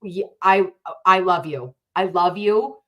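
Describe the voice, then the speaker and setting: A woman's voice: lowish voice, slow pace, dull audio. A woman hosting a livestream, reading viewer comments aloud and speaking fervently, with emphatic repeated phrases.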